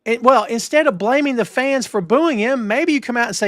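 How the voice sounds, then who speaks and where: A man hosting a wrestling news talk show, emphatic and animated, with lots of restarts. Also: extremely high pitch, fairly quick, hardly any pauses, no room sound, clean studio sound. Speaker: podcast host. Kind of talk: casual wrestling news chat.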